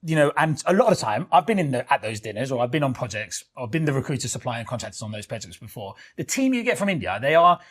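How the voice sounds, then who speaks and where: A man's voice: mid-range voice, fast talker, few pauses. A man, co-hosting and telling a story in casual chat, with lots of fillers and swearing. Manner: animated, swears freely, many fillers. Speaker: podcast co-host.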